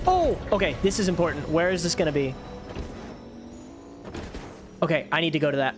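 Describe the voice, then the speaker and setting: A young man live-streaming a video game, chatting casually with his viewers, swearing and yelling excitedly when things get tense. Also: fairly high pitch, moderate pace, over music.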